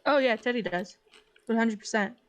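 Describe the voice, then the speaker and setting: A young woman playing a tabletop game, blunt and excitable in casual chat. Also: fairly high pitch, moderate pace, noisy background. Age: young adult. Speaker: player.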